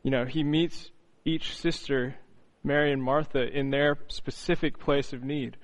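A man preaching an earnest, reflective sermon, often pausing on "you know" and restarting phrases. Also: medium pitch, steady tone, rough recording.

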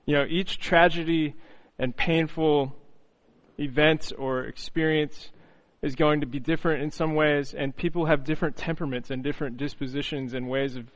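A man preaching an earnest, reflective sermon, often pausing on "you know" and restarting phrases. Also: on the high side, steady tone, rough recording.

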